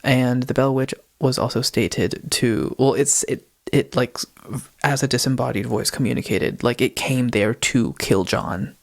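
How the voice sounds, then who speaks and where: A man's voice: medium pitch, measured pace, gravelly. A man co-hosting a casual podcast, retelling a ghost video in a rambling way, often stopping to correct himself and giggling. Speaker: podcast co-host.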